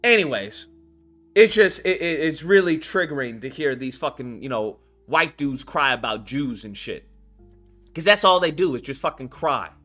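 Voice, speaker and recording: A man hosting his channel, ranting in a profane, mocking, animated commentary. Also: a little high, normal speed, faint music behind. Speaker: channel host. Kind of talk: commentary rant.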